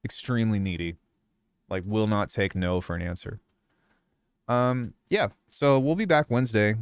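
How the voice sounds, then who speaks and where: Fields: laid-back young man, dry clear voice. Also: on the low side, normal speed, no room sound. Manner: relaxed, rambling, many fillers. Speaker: music producer streamer. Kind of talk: casual live-stream chat.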